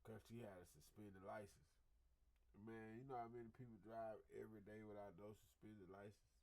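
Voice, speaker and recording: A man's voice: on the low side, level tone, fairly quick, a little mellow, low-quality recording. A man giving blunt, slangy reaction commentary on stream, repeating himself and acting out what he would have said.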